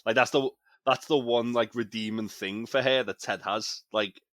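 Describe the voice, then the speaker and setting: A man's voice: medium pitch, fairly even intonation, moderate pace, fairly bright tone, dry recording. A man co-hosting a casual TV review chat, analysing loosely with plenty of fillers. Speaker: podcast co-host.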